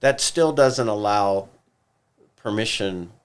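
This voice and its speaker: A man co-hosting a church podcast, explaining ideas in a measured, thoughtful way. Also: fairly low pitch, smooth. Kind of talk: casual podcast discussion.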